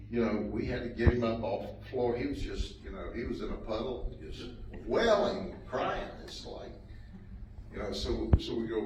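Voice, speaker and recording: A man's voice: lowish voice, normal speed. A man telling a folksy, chuckling story to an audience at a community event. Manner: folksy, chuckling, lively delivery. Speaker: sheriff speaking at a community event. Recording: echoey, distant, noisy room.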